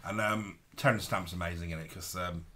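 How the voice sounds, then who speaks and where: A man co-hosting a casual live-stream chat, relaxed, with trailing ums. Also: low-pitched, fairly quick. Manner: relaxed, fond of film baddies, trailing ums. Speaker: co-host.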